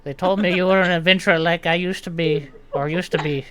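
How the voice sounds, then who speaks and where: A man voicing a confused, forgetful old male gnome who walks with a cane, in a high, whiny voice during a tabletop game. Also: fairly even intonation, quick pace, crowd noise, lightly acted.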